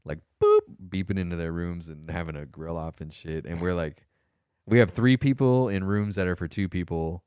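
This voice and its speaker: A man co-hosting a casual podcast, telling stories with lots of swearing and animated quoted voices. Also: low voice, normal speed, clean tone, no echo, clean studio sound. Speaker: podcast co-host, former Marine. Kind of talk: casual storytelling chat.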